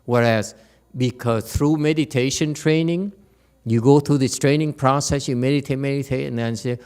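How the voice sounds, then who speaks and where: A man giving a lecture at a temple, animated and teasing, often checking whether the audience understands. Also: medium pitch, moderate pace, smooth. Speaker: Buddhist teacher. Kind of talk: dharma lecture.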